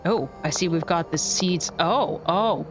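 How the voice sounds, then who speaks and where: A woman streamer commentating as she plays a video game, thinking out loud with playful asides. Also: fairly low pitch, a little slow, noisy background. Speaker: gaming streamer. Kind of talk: let's play commentary. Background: game music.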